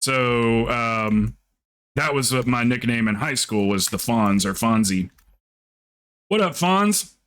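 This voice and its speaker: A man's voice: mid-range voice, steady tone, a little slow, fairly bright tone, clean tone. Joking, rambling male streamer. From South Carolina, USA. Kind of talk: casual chat while gaming.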